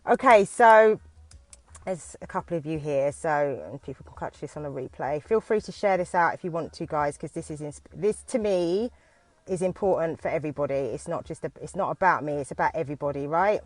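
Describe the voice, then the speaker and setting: A British woman who teaches dance talks into her phone from inside a parked car on a live video, nervous and halting, with frequent restarts. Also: low-pitched, dry recording. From United Kingdom.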